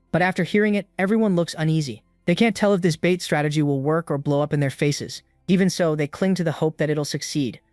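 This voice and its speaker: A man's voice: a little high, no room sound. Man narrating a comic recap, dry. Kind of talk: scripted story recap narration.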